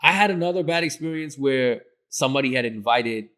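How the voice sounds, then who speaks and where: A man's voice: medium pitch, fairly quick. Young man telling studio stories. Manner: animated, laughs while telling anecdotes. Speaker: guest, music studio engineer. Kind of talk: casual storytelling.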